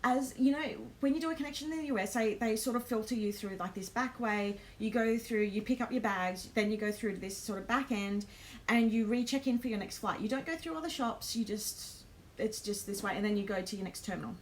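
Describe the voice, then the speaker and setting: Chatty Australian woman, slightly high voice. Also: a little fast. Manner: chatty, lots of ums, nervous laughs. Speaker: live stream host. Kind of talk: casual live-stream storytelling.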